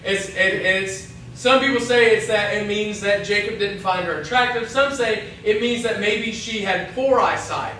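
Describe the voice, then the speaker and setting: A man's voice: sits high, moderate pace, few pauses, sharp tone, a little hiss or hum. A man, a youth pastor, casually teaching a Bible lesson to a group of young women, chatty and jokey with many asides and restarts. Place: church hall. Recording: echoey hall from far off.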